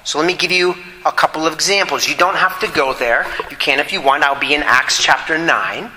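Bright earnest preacher in an echoey hall. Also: male voice, a little high, a little fast, a little hiss or hum. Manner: earnest, emphatic, repeats key points. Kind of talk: sermon. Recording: echoey hall with long reverb.

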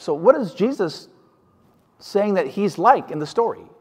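A man's voice: high-pitched, big pitch swings, unhurried, a little mellow, breathy edge. A man preaching a sermon, emphatic, often putting questions to his listeners. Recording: hall reverb.

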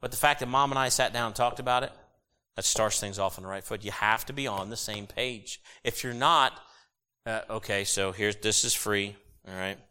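A middle-aged man preaching a sermon, animated and jokey with sudden loud bursts. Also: lowish voice, normal speed, clean tone. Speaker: pastor.

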